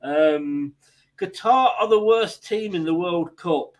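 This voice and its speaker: A man's voice: high voice, slow pace, low-quality recording. A man from England hosting a casual football chat, chatty, laughing often and restarting his sentences. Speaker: host.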